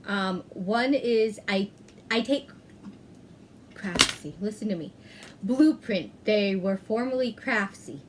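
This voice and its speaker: A woman hosting a knitting podcast, chatting casually, often pausing with "um" and correcting herself mid-sentence. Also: medium pitch, background noise. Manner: chatty, self-correcting, frequent "um". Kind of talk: casual chat.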